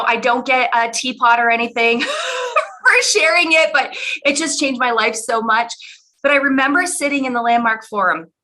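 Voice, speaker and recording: A middle-aged woman speaks candidly to her followers, telling a story from her own life. Her voice sits a little high and sounds bright and forceful. The delivery is conversational and emotional. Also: rough recording. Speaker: business coach.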